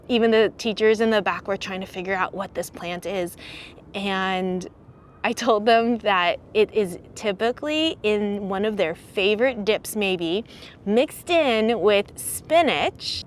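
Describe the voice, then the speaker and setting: A woman recorded outdoors in a garden, speaking at a comfortable middle pitch. She explains plants and retells a class lesson in a friendly, teacherly storytelling manner. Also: a little hiss or hum. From Southern California. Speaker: garden educator. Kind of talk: casual explanatory vlog.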